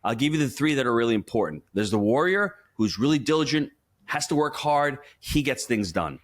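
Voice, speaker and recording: Animated, emphatic male money coach. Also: mid-range voice, fairly quick. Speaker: money coach and podcast guest. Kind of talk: conversational interview.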